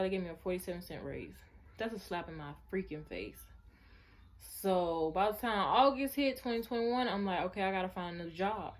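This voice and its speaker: A woman in her twenties telling her personal story in a vlog, chatty and earnest, talking straight to her viewers. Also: mid-range voice. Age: 20s. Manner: chatty, addresses viewers as y'all. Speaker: vlogger.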